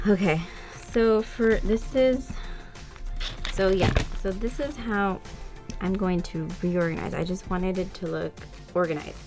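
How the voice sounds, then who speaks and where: Gushing young woman in slow casual chat. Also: medium pitch, over music. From United States. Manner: chatty and gushing, with laughs and excited gasps. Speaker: vlogger.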